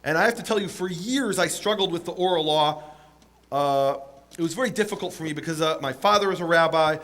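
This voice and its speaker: High-voiced man telling a lively story. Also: fairly quick. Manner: animated, acts out the quotes with big pitch jumps and laughs. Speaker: teacher of the Bible. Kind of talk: storytelling sermon.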